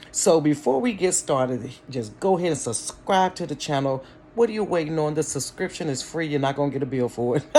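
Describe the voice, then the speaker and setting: A man from Cincinnati hosting a casual storytime vlog from his bedroom, chatty and animated, talking straight to his viewers and laughing easily. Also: mid-range voice, slight background noise. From Cincinnati, Ohio. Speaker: storytime channel host. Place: bedroom at home.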